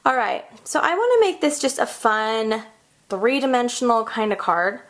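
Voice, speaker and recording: A woman in her thirties hosting a casual card-making tutorial, bubbly and chatty, squealing when she gets excited. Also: fairly high pitch, moderate pace. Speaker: crafting tutorial host.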